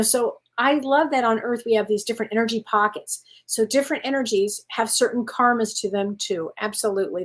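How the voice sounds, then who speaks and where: A woman hosting a live-stream show of psychic readings, chatty and rambling, calling viewers honey and sweetheart. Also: medium pitch. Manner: rambling with frequent restarts and self-corrections. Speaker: psychic medium host.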